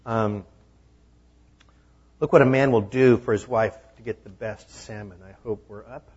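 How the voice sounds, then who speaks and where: A pastor preaching a sermon in a conversational style, driving points home with emphatic repeated phrases. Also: male voice, lowish voice, fairly even intonation, measured pace, darkish tone, highs cut off, a little hiss or hum.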